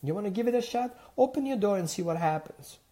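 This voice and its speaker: Animated Mediterranean dog trainer, mellow voice. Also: male voice, high voice, fast. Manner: animated, uses rhetorical questions and acted-out dialogue. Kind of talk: motivational teaching monologue.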